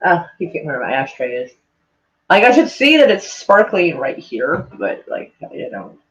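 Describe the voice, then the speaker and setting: A man with a noticeably high voice chats loosely on a live stream, looping through "like" and casual swearing. A mild speech impediment colours his words. The audio is dull and lo-fi, like a cheap home setup. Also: wildly swooping pitch, normal speed, fairly bright tone, slight background noise. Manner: loose and meandering, heavy on "like", swears freely. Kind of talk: casual rambling stream chat.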